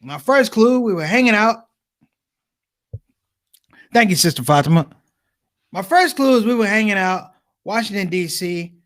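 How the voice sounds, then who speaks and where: A man's voice: high-pitched, normal speed, long pauses. A man doing stand-up comedy, telling stories to the audience and calling them brothers and sisters. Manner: animated storytelling, addresses audience as brothers and sisters.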